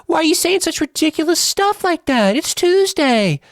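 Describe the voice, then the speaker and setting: Man doing a high shrill heckler, exasperated, incredulous, squeaky, dry close sound. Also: big pitch swings, moderate pace, no room sound, heavily acted. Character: exasperated male viewer scolding the host.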